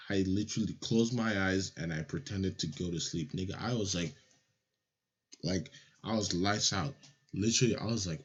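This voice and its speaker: A young man from Nigeria telling a childhood story in a casual, animated, profane way. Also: deep voice, normal speed, husky. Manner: animated, swears a lot, acts out voices. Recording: lo-fi audio.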